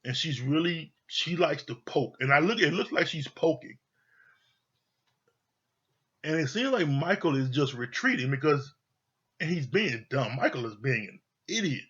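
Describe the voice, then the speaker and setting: A man talks through a reality show episode in a loose, opinionated way, swearing freely and circling back to the same points. His voice is slightly husky, and the recording sounds a little dull and lo-fi. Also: on the high side, animated, unhurried, long pauses, a bit bright. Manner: blunt, profane, repeats himself. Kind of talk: casual opinionated commentary. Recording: dull lo-fi audio.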